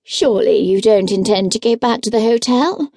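A woman's voice: on the high side, moderate pace, vocal fry, warm tone, no echo. A woman narrator voicing a dry, teasing young male curate in an audiobook. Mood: wry. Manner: dry, teasing, matter-of-fact. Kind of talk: audiobook character voice.

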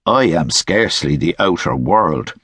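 Frail old hunchback, dry and clipped, husky and unhurried, as a male narrator puts him on. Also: low-pitched, expressive, a bit bright, no room sound, exaggerated voice. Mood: dry, curt. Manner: dry, formal, clipped replies. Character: elderly hunchbacked man, frail, dry and curt. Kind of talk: audiobook character voice.

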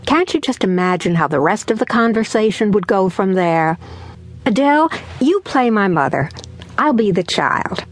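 A woman's voice: medium pitch, lively intonation, normal speed. A woman narrating her parenting audiobook in an earnest, conversational way. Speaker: author and narrator.

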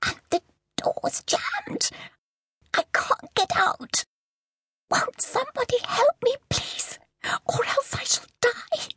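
A woman voicing a terrified female medium in a trance, with a shrill, breathy whisper and pleading words. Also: big pitch swings, slow, pauses often, a bit bright, dry recording, clean studio sound, exaggerated voice. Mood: panicked. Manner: panicked, pleading.

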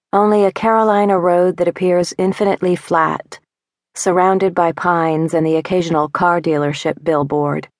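A woman narrator reading a first-person literary story in a measured, wry, intimate way, close on a studio mic. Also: fairly low pitch, no room sound. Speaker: audiobook narrator.

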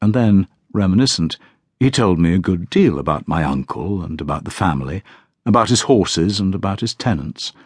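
Deep-voiced man narrating an audiobook. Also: expressive, moderate pace, slightly rough, no echo, studio quality. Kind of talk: scripted first-person audiobook narration.

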